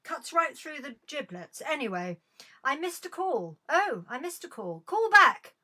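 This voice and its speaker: A woman's voice: high-pitched, very animated, measured pace, a bit bright. A middle-aged woman hosting a live-streamed comedy chat from home, taking calls with bawdy, sardonic, swearing banter into a webcam.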